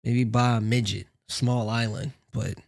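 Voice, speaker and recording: A man's voice: medium pitch, steady tone, measured pace, gravelly, darkish tone. A man hosting a casual reaction commentary, joking and rambling in asides. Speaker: commentary host.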